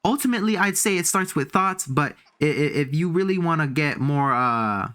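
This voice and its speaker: A man's voice: fairly high pitch, animated, normal speed, sharp tone. A man giving a casual spiritual monologue as a streamer, emphatic and repetitive, chuckling between points. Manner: repetitive and emphatic, repeats key phrases. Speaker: streamer and vlogger.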